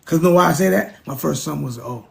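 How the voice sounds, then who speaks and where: Man, middle-aged, from the US, high voice, gravelly, preachy casual rant, repeats himself, swears a lot. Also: fast talker, darkish tone. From United States. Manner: emphatic, preachy, repetitive, profane. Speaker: vlogger.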